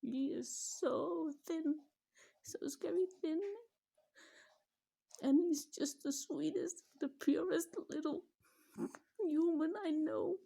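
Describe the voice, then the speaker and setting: A woman's voice: sits high, takes it slowly, creaky, long pauses, dark tone. A middle-aged mother recording a vlog, tearful and close to crying, her voice shaky and breaking, at times dropping to a whisper. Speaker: vlogger, mother. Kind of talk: emotional personal vlog.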